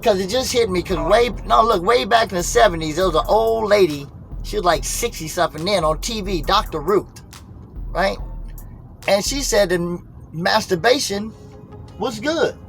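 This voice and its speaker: A man's voice: high-pitched, animated, normal speed, creaky, fairly bright tone, faint music behind. A middle-aged man hosting a casual live call-in talk show, rambling in a preachy way. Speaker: host.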